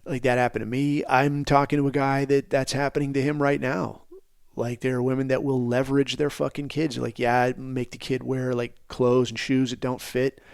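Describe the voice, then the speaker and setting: A man's voice: mid-range voice, level tone, moderate pace, vocal fry, smooth, no echo, studio quality. A middle-aged man from the United States, telling personal stories in a blunt, profane, rambling way. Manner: profane, blunt, rambling, says "dude" a lot. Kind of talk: casual storytelling.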